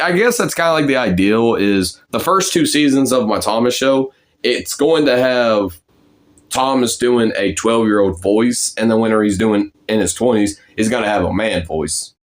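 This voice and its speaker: A man's voice: fairly low pitch, expressive, normal speed. A young man rambling casually about practicing character voices, with lots of fillers and restarts. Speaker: amateur voice impressionist.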